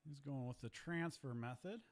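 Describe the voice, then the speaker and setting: Guy doing ninja comp commentary, jokey, chatty, mid pitch. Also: normal speed. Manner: joking, chatty banter. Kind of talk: live sports commentary.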